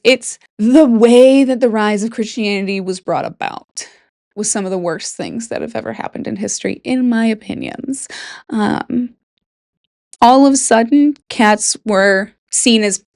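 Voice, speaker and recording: A woman's voice: mid-range voice, normal speed, no room sound, clean studio sound. A young woman from Michigan, speaking with a Michigan accent, hosts a casual solo talk about folklore from her bedroom, chatty and joking with whispered asides. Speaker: podcast host.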